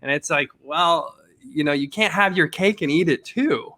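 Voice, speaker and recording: A man's voice: a little high, moderate pace, sharp tone. A man talking in a casual podcast conversation, ranting and often asking "right?" for agreement.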